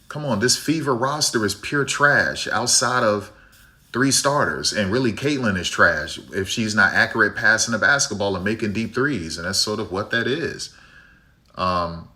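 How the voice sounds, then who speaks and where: A man's voice: on the low side, lively intonation, moderate pace, bright, forceful tone. A man from Chicago streaming a basketball game, ranting bluntly with strong opinions and a habit of tagging "right?". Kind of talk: live game-watch commentary and rant.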